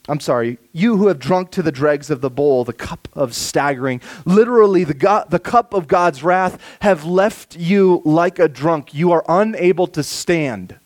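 A man preaching a sermon, reading scripture slowly and softly, then rising for emphasis. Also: a little high. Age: adult with children. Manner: expressive preaching, slows and softens for scripture, rises for emphasis. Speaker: pastor.

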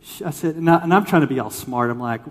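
A man preaching a sermon, telling a story with lively, acted-out quotes and swings between loud emphasis and quiet lines. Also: a little high, fast. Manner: animated storytelling, acts out quoted voices. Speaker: pastor. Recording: long hall reverb.

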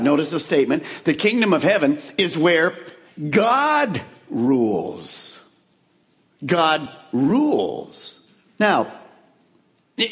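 Male pastor, high and animated voice, emphatic sermon delivery. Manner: emphatic preaching, drops to a hushed low voice for questions. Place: church.

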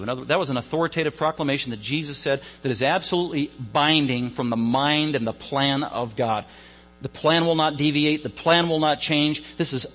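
A man's voice: a little high, fairly bright tone, long reverb tail, poor audio. A man preaching an Easter sermon as a pastor, emphatic and repeating phrases for stress.

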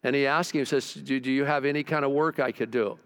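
An older man preaching a sermon as pastor, telling stories and asking the congregation questions, often dropping low and quiet for emphasis. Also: fairly even intonation, fast talker, smooth.

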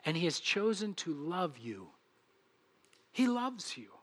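This pastor's sermon is animated and slow, delivered in a high voice. He acts out little dialogues and swings between loud and hushed delivery.

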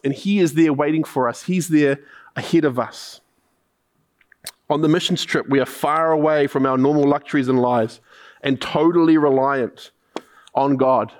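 A man with a New Zealand accent and a slightly high voice preaches a sermon. He tells a mission story with repeated punchlines, then asks the listeners probing questions.

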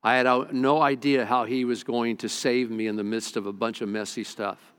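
A man's voice: medium pitch, little pitch movement, normal speed, fairly bright tone, clean tone. A middle-aged male pastor preaching a sermon, telling a personal story earnestly, with frequent stammered restarts.

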